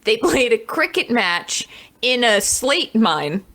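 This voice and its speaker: Bright, excitable young woman. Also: a little high, slow pace. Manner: excitable, rambling, laughs easily. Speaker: podcast co-host. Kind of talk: casual chat.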